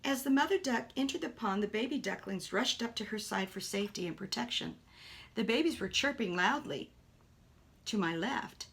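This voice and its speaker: Animated woman reading a children's story. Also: medium pitch, normal speed. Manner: animated, with soft whispered asides.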